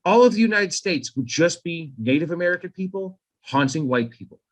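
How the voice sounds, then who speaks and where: A man's voice: a little high, a little fast. Rambling, profane podcast host man. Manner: rambling, profane, animated storyteller with many asides. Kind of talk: casual podcast chat.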